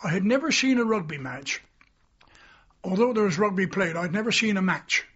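An older man recalls his boyhood in the army in a rambling, storytelling way and acts out the people he quotes. His voice is husky and sits fairly high for a man. The recording sounds dull and lo-fi. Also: animated, normal speed, fairly bright tone. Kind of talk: oral history reminiscence.

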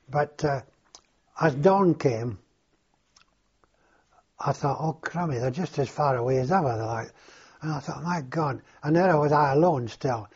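An older man being interviewed, telling his own story in a halting, reflective way, on a dull lo-fi recording. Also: medium pitch, a little mellow, husky. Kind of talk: oral history recollection.

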